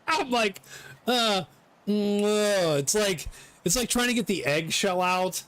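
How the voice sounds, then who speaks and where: A middle-aged man giving live commentary on his gameplay, excitable, swearing and laughing often. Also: high-pitched, takes it slowly, clean tone. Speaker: game streamer.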